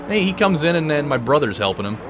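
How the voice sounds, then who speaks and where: A man chats crudely and jokingly over a game playthrough, rambling through a story with lots of restarts. His pitch is lively and swings freely. Game music plays clearly behind him. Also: fast. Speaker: let's play host. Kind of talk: casual storytelling over gameplay. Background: video game music.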